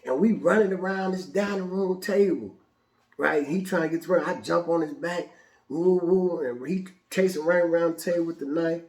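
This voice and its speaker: Male host, fairly high voice, animated profane storyteller, echoey room. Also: moderate pace. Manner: animated, casual, profane, restarts often. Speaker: show host. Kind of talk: personal storytelling.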